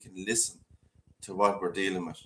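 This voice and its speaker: A man's voice: sits low, flat delivery, moderate pace, fairly bright tone. A man chatting casually on a live stream, emphatic and repeating his points. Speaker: co-host. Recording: roomy echo.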